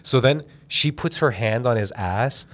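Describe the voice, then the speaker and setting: A young man hosting a casual comedy podcast, retelling a movie in a rambling, animated way and slipping into silly voices. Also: medium pitch, a little slow. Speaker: podcast host.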